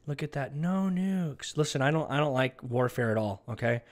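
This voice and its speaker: With a mid-range voice, lively intonation, and normal speed, a man delivers an emphatic political monologue as an online commentator. He habitually ends lines with a tagged "okay."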